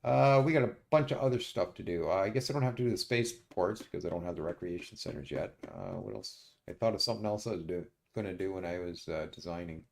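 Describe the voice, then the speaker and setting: A man streaming a strategy game, muttering his moves to himself and often pausing with uhs. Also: low-pitched, vocal fry. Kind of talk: casual let's-play commentary.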